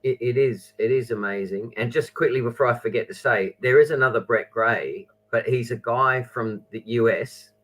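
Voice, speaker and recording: A man's voice: medium pitch, normal speed, hardly any pauses, fairly bright tone, low-quality recording. A man from South Australia, a musician guest, chatting casually and easily over a video call. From Adelaide, South Australia. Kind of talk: casual interview chat.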